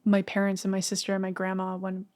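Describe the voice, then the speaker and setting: A woman's voice: mid-range voice, monotone, quick pace, darkish tone. A woman in a casual podcast conversation, talking candidly and emotionally, with casual swearing.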